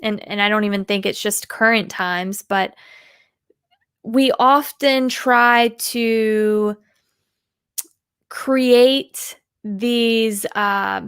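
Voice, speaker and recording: An American woman answers interview questions as a communication coach, animated and acting out example voices. Her voice is a little high and her delivery extremely slow, with frequent pauses. The tone is clean, with no echo.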